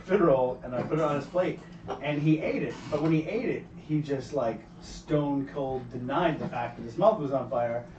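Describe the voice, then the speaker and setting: A man's voice: mid-range voice, normal speed, a little hiss or hum. A man, a former film editor, telling a funny story and acting out what people said. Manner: animated storyteller who acts out quotes. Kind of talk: casual chat. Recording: roomy, distant, muffled recording.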